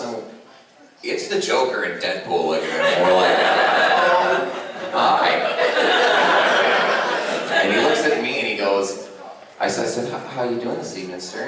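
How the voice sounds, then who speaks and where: A man does a stand-up set at a convention panel, swinging his pitch widely as he tells stories. He keeps stopping on fillers between lines. The recording is echoey and far from the mic, with steady noise behind him. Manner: loose storytelling with frequent fillers. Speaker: stand-up comedian. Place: convention panel room with audience.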